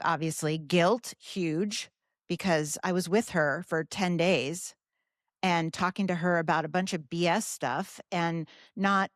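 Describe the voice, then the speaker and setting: A woman in her fifties, hosting a podcast, talking candidly and emotionally about grief in a halting way, with frequent restarts and some swearing. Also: on the low side, a bit bright, dry recording, studio quality. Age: 50s. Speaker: podcast host. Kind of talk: personal grief talk.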